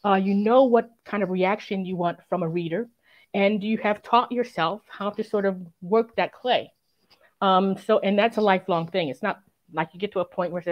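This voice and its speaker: A woman who is a crime writer, speaking as an interview guest, reflective and earnest, often filling pauses with "um" and "sort of". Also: mid-range voice, lo-fi sound. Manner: reflective and earnest, many fillers and "sort of" hedges. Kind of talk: conversational interview.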